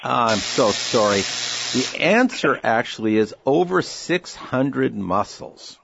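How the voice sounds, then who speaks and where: A man running a quiz segment on a health radio show, his pitch rising and falling with animation. He reads the options like a showman. The sound is slightly dull and lo-fi. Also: animated, slow pace, gravelly, noisy background. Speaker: radio co-host.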